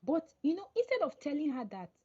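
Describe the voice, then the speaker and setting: A woman's voice: high-pitched, a little fast, dull audio. A woman guest on a podcast call, chatting casually and acting out the lines of people in her stories. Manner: animated storytelling, acts out quoted dialogue. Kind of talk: casual interview chat.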